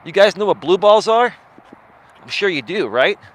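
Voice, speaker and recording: A man's voice: high-pitched, lively intonation, moderate pace. A man in his forties, a life coach hosting a live stream, talking in a chatty monologue and tagging his lines with "right?".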